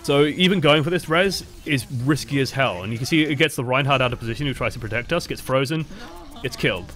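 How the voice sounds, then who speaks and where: A man's voice: medium pitch, quick pace, a bit bright. An English man coaching over gameplay footage, talking in a casual, rambling and profane way. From England. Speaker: game coach. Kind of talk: gameplay review commentary.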